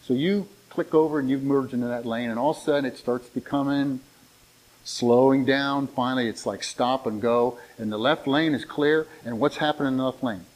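An older man preaching a sermon in a conversational way, retelling stories with lively restarts. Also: mid-range voice, normal speed, poor audio.

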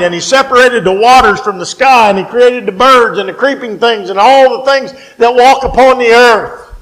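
A man with a West Virginian accent preaching a sermon, folksy and emphatic, slowing down to stress key phrases. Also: very high voice, a bit bright, low-quality recording.

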